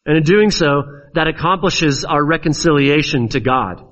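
A man's voice: on the high side, normal speed, fairly bright tone, lo-fi sound. A man preaching a sermon in an earnest, pleading way, pressing questions on his listeners.

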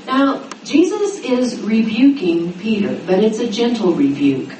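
A middle-aged woman preaches to a room of women, her voice swinging widely in pitch as she acts out each quoted speaker. She stands some way from the mic in an echoing hall, with a faint hiss of noise underneath. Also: moderate pace, hardly any pauses. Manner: animated, dramatizing quotes with rising pitch. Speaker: women's Bible teacher. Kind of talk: sermon to a women's gathering. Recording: roomy echo, mic at a distance, faint noise.

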